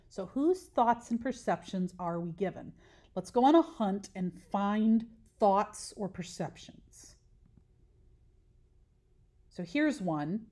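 A woman's voice: mid-range voice, warm tone. A woman teacher giving a recorded lesson, patiently explaining step by step and asking questions that she then answers herself.

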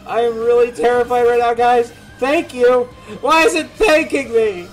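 A man with a high voice talks through a game he is playing, confused and jittery. He laughs nervously to himself and jumps into high, panicked shouting when something spooks him. Faint music plays under his voice. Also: wildly swooping pitch, unhurried. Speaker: gamer playing a demo. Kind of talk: let's play commentary.

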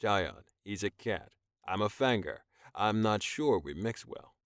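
A man's voice: lowish voice, animated, measured pace, dry recording, clean studio sound. A man narrating an audiobook, voicing an anxious young man who is eager to please, in a raised, earnest voice. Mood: hesitant. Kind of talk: audiobook character voice.

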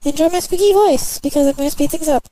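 A woman's voice: sits high, fast, dark tone, slight background noise. A young woman giving casual, chatty let's play commentary, fretting as she talks over the game.

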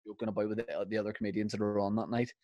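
A man's voice: fairly low pitch, little pitch movement, very fast, warm tone, no echo, muffled recording. A man co-hosting a podcast, telling rambling stories in casual chat, swearing and laughing as he goes. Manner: rambling storyteller, swears, laughs mid-story. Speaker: podcast co-host.

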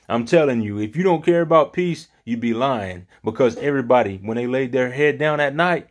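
A man's voice: medium pitch, normal speed. A man leading an informal Bible study, talking earnestly in a rambling way and often searching for his words.

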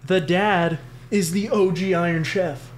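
A man's voice: high voice, steady tone, measured pace, a little hiss or hum. A young man co-hosting a podcast, chatting casually, rambling with lots of fillers and swearing. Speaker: podcast co-host. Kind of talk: casual chat.

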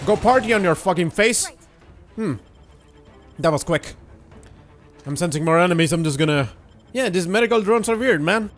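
A young man giving casual, excitable let's-play commentary while he plays, swearing and joking. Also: a little high, moderate pace, long pauses, soft background music. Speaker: gaming YouTuber.

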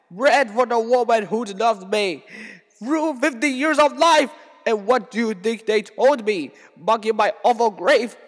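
Man giving a slow, hall-echoed poem recitation. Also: on the high side. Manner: swings between hushed grief and raised, bitter outcry. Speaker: poetry reader. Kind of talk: dramatic poetry recitation.

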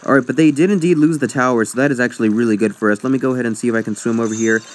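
A man's voice: medium pitch, very fast. A young man commenting casually on his online match, rambling and sidetracked, joking at his own expense. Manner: rambling, self-mocking, easily sidetracked. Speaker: gaming YouTuber. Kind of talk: casual let's-play commentary.

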